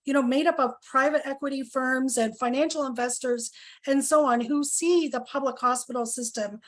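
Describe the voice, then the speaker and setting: Middle-aged woman, high voice, earnest and emotional public speaker at a community meeting. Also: fairly even intonation, moderate pace. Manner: earnest and emotional, many fillers and apologies. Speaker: health coalition speaker at a town hall. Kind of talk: public speech at a town hall.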